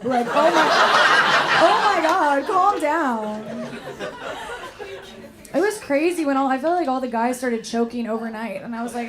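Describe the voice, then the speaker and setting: A raspy young woman doing a brash, bawdy, self-mocking stand-up set on a comedy club stage. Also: sits high. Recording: loud crowd and noise in a club. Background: crowd laughing.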